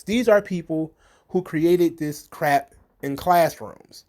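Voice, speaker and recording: A man's voice: fairly high pitch, slow pace, darkish tone. A man hosting an opinion commentary, talking with sarcasm and scorn, slipping into a mocking sing-song when he quotes others. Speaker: commentary host.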